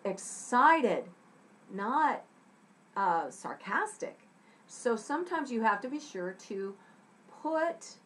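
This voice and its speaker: A woman's voice: mid-range voice, fairly bright tone, low-quality recording. A woman teaching a scriptwriting lesson to young students. She acts out short example lines in different voices and checks in often with "okay?".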